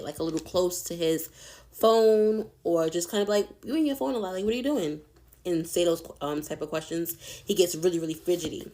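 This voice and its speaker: Low-voiced woman telling a storytime. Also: a little mellow. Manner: chatty, candid, swears freely. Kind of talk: casual storytime.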